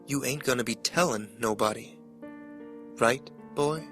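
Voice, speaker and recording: A man voicing a violent rural father who speaks in a slow, calm, menacing way. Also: medium pitch, soft background music, close to an everyday voice.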